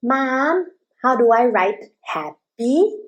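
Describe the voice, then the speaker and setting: A woman voicing a young kindergarten child in an acted demonstration, slowly sounding out letters and asking her mother for help with spelling. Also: on the high side, big pitch swings, highs cut off. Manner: slow, drawn-out sounding out of letters. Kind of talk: acted parenting demonstration skit.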